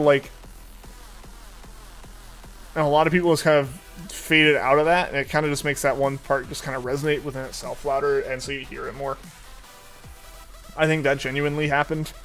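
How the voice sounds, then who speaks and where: A man's voice: fairly high pitch, fairly bright tone. A young man streaming a game, chatting casually and rambling with many fillers and restarts. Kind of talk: casual chat while gaming.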